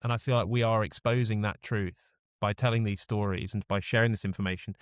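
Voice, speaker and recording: A man's voice: on the low side, fairly even intonation, brisk, smooth, no echo, studio quality. A man co-hosting a podcast, talking casually and restarting his sentences often. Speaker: podcast co-host. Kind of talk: casual chat.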